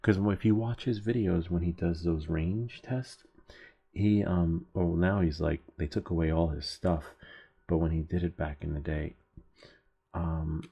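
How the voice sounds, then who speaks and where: A man with a low, gravelly voice, dark and a little husky, chatting loosely as a DIY channel host. He rambles, drops the odd swear word, and laughs at his own jokes. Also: fairly even intonation, unhurried, muffled recording. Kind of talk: casual rambling chat.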